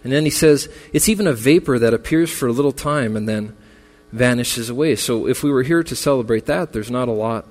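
A man's voice: mid-range voice, brisk, a little mellow. A man preaching a memorial sermon as pastor, earnest and consoling, his voice building in intensity. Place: church sanctuary. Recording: long reverb with faint music.

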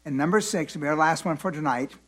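A man teaching from the Bible in a slow, deliberate way, repeating his points and letting the congregation fill in words, his voice tired at the end of the day. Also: on the high side, a bit bright. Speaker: preacher.

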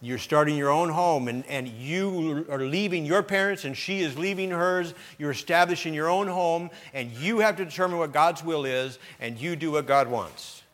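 A middle-aged man preaching a sermon, talking straight to his congregation in a conversational way that swells into loud, emphatic peaks. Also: a little high, moderate pace, hardly any pauses. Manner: conversational, direct address to the congregation with repetitions. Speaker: pastor.

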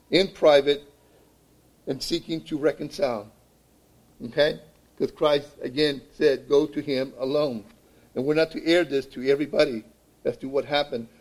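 Male pastor, slightly high voice, preaching a sermon, repeats himself for emphasis. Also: a little mellow, poor audio. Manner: repeats "okay?" to check in with listeners; repeats words while building a point.

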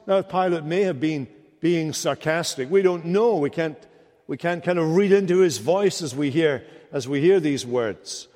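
Preaching in a church sanctuary, this middle-aged pastor turns dramatic and climbs toward fiery rhetorical questions. His voice sits a little high and has a slightly mellow quality, and the long reverb of the church fills the sound.

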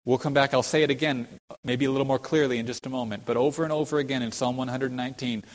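A male pastor delivers a sermon in an earnest, explanatory way, often asking his congregation questions. His voice sits at an ordinary middle pitch, and the long reverb of a church sanctuary trails after his words. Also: steady tone, quick pace. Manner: builds to fervent, high-pitched emphasis when quoting scripture.

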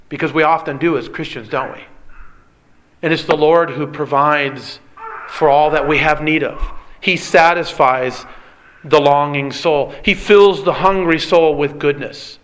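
A man's voice: a little high, fairly even intonation, a little slow, a bit bright. A middle-aged man preaching a sermon as pastor, earnest and pleading, often asking rhetorical questions.

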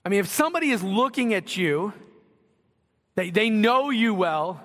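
A man's voice: sits high, lively intonation, moderate pace, fairly bright tone. A young man preaching a sermon in a church, in a conversational style with asides and acted-out quotes. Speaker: pastor. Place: church sanctuary. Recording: long reverb of a hall.

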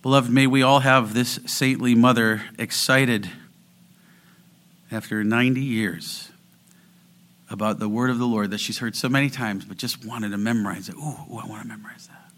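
Male pastor, bright voice, earnest sermon that swings between fervent calls and hushed near-whispers. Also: medium pitch, steady tone. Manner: earnest, rising to fervent exhortation; slows down and drops to near whispers for emphasis.

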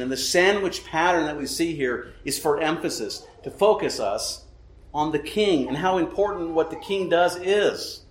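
Emphatic preaching man, echoey room. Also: fairly high pitch. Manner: emphatic, rhetorical questions with repeated "right?". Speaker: pastor. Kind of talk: sermon.

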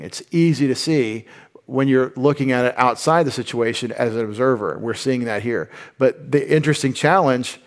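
Casual man teaching the Bible. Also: medium pitch. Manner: informal and explanatory, with asides and restarts.

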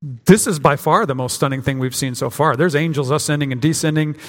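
Pastor preaching in a reverberant hall. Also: male voice, on the high side, a little fast. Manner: conversational preaching with frequent restarts and acted-out quotes. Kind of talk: sermon.

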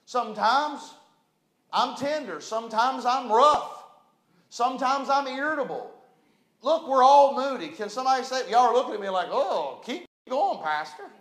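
A pastor preaches to his congregation, moving from quiet, steady talk to sudden loud swells. He is a man with a very high voice. The sound rings around an echoey church room. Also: moderate pace. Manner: preaching with call-and-response, dramatic swells. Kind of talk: sermon. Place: church sanctuary.

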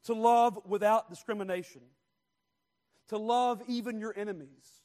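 A man preaching a sermon, speaking in slow, stressed phrases that swing from quiet to loud. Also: high-pitched, fairly even intonation. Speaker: pastor.

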